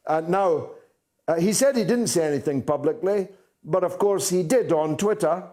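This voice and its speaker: A man delivering a political commentary monologue as a talk show host, emphatic and deliberate, pausing often on "uh". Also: sits high, dark tone. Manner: deliberate, emphatic, with frequent "uh" pauses.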